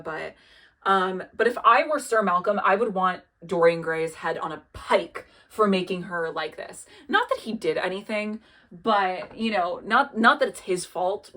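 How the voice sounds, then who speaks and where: A woman's voice: lowish voice, bright, forceful tone. A young woman doing a casual recap of a TV show, chatty and profane, with lots of "like" and "um". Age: young adult. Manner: casual and profane, lots of "like" and "um", quotes characters in an offhand way. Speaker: video essayist recapping a TV show.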